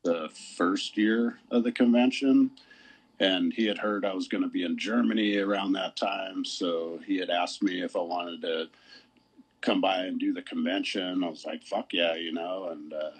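A man's voice: low-pitched, fairly even intonation, normal speed, breathy edge, rough recording. A man, a tattoo artist guest, telling stories in a laid-back, casual way and swearing often. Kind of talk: casual conversation.

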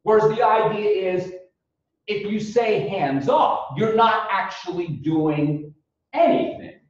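A man giving a classroom lecture on ethics, animated and raising his voice when he acts out quotes. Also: high-pitched, slow pace. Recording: distant lo-fi recording in a very echoey classroom.

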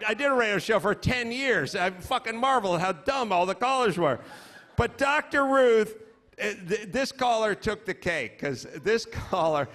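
A high, slightly bright voice belongs to a middle-aged US man hosting a live comedy podcast from a comedy club stage with an audience present. He spins stories as a profane, exasperated rant and imitates people in mocking put-on voices.

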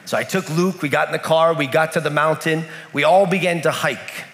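A man's voice: on the high side, fairly quick, a bit bright. A man from the United States preaching a sermon in a church in Kenya, telling a story with lots of repetition. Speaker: pastor. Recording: echoey church hall.

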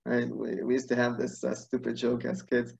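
Man, online class, storytelling, animated, searching for words, dull video call audio. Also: medium pitch, moderate pace, gravelly, a little hiss or hum. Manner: animated, laughs at his own stories, searches for words. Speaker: teacher.

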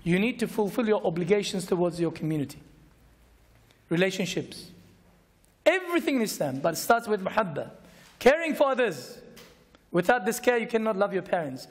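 A man giving a Friday night religious lecture, emphatic and repetitive, slowing to stress key words, recorded in a lecture hall. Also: high voice. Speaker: Islamic lecturer. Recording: long echoing hall reverb.

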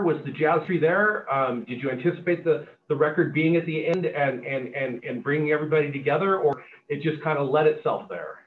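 A man of middle pitch asks long, halting questions, often restarting as he looks for the words. His voice comes through thin, phone-like video-call audio with a faint hiss. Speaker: judge interviewing an author. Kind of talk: conversational interview questions.

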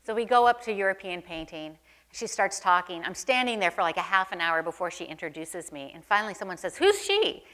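A woman's voice: lowish voice, quick pace, bright, forceful tone. A middle-aged woman, a museum curator in an onstage conversation, telling anecdotes in a chatty, self-deprecating way with frequent ums. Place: museum event space before an audience.

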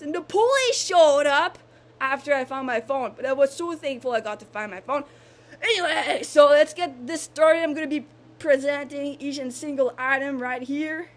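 A young woman from Canada vlogging casually, repeating herself and gushing with excitement. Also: high voice, moderate pace. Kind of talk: casual vlog monologue.

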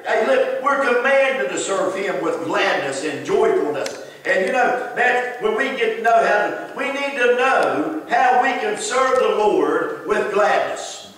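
A man's voice: high voice, lively intonation, unhurried, hardly any pauses, a bit bright. A man preaching a sermon, emphatic and calling out listeners by name. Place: church. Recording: echoey hall from far off.

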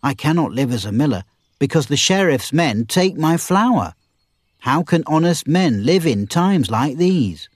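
A bold, quick-tempered young miller speaks in a raised, lively voice, put on by a male storybook reader. He sounds husky and close to the mic in a dry space. The voice swings widely in pitch. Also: no room sound. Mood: earnest. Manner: high-pitched, shouting when angry.

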